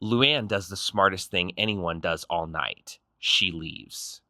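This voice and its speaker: A man's voice: low-pitched, music in the background. A man narrating a reality show recap in a snarky, punchy scripted style. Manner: snarky, punchy, quick quips.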